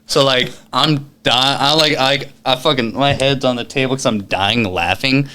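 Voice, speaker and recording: A man chatting as a podcast guest, telling stories in an animated, profane way and laughing often. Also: mid-range voice, normal speed, clear, resonant tone. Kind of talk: casual storytelling chat.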